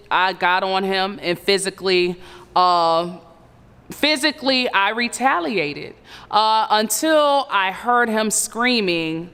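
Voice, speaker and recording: A woman in her thirties earnestly recounting a painful personal story, halting and full of fillers. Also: medium pitch, a bit bright, clean tone, in a large hall. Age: 30s. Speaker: survivor telling her story. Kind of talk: personal testimony.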